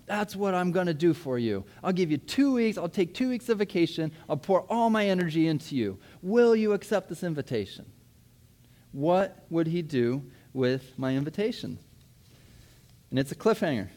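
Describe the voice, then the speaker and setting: Animated male pastor, slightly high voice. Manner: lively storyteller who acts out his own past words. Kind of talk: sermon with personal storytelling. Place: church.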